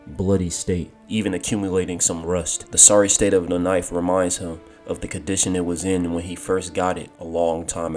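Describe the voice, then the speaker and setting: A deep-voiced man narrates a scripted fan story, laying out each move of a fight in steady, blow-by-blow sentences. Loud music runs underneath the whole reading. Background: background music.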